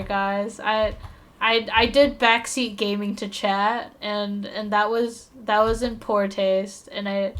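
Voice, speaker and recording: Drawing live on stream, a woman with a mid-range, fairly bright voice talks casually with her audience. Her manner is playful and meandering, full of self-mockery, quick apologies, and laughter.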